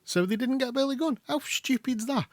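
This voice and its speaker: A man with an English accent co-hosting a podcast, chatting casually and acting out quotes in quick bursts. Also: very high voice, no echo. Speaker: podcast co-host. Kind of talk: casual chat.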